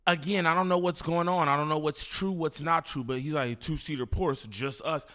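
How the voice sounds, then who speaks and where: A man's voice: on the high side, a little fast, fairly bright tone, clean tone. A man hosting a casual reaction commentary, talking in slang, repeating himself and laughing in disbelief. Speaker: commentary host reacting to a clip.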